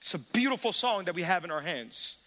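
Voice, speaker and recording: A man pastor preaching a sermon, animated, calling on the congregation to respond. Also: high-pitched, a little fast. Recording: reverberant church hall.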